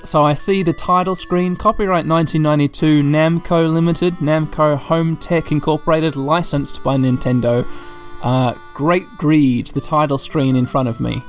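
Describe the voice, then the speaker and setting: A man narrating a video game as he plays, describing what is on the screen and thinking out loud. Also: a little high, steady tone, moderate pace, hardly any pauses. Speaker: gameplay commentator. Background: faint game music.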